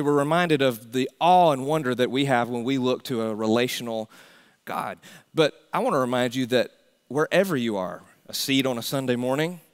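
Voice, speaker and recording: A man preaching a sermon as pastor, swinging from loud emphatic calls to hushed near-whispers. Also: mid-range voice.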